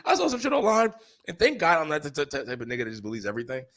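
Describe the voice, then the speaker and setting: On a podcast, a young male co-host races through a story in a higher-pitched voice. The talk is casual and profane, and he animatedly acts out the people he quotes.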